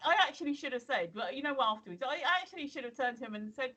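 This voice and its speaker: Streaming from home, this English co-host in her 50s is a chatty storyteller who rambles and keeps restarting, with lots of ums. Her high voice races along, expressive, pushed and bright, on a low-quality recording.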